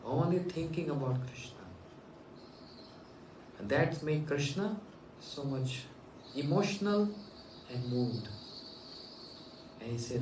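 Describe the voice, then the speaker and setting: A man from India giving a devotional talk, telling a story gently and earnestly and voicing the people in it. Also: on the high side, expressive, slow pace, long pauses, background noise. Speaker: spiritual teacher. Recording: echoey room, mic at a distance.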